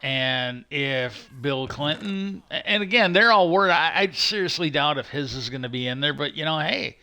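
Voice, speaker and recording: A man hosting a livestream, talking in a casual, halting way, often restarting his sentences and swearing offhand. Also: fairly high pitch, animated, bright, forceful tone. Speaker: livestream host. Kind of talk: casual rambling commentary.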